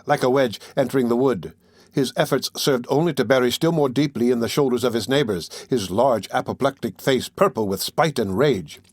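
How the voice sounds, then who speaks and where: A man reading a classic novel aloud as an audiobook narrator, in a measured, unhurried way. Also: medium pitch, a little mellow, no echo.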